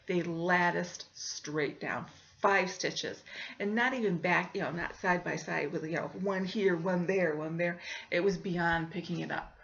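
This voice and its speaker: A woman's voice: on the low side, a little slow, gravelly, fairly bright tone, dull audio. A woman hosting a podcast, telling a story in a chatty, casual way and laughing often. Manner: chatty, laughs often, acts out voices in her stories. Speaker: podcast host.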